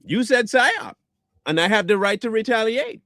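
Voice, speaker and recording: Man, online commentator, high voice, sarcastic insult-laden rant, dry sound. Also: lively intonation, moderate pace, a bit bright, dry recording. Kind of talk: ranting reply to viewer comments.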